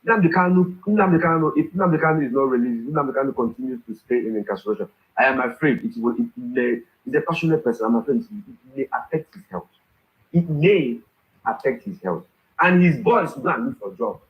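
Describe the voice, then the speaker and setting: Nigerian male barrister, animated panel guest, echoey room. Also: mid-range voice, brisk, highs cut off. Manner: animated, emphatic, repeats himself. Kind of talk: talk show discussion. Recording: roomy echo.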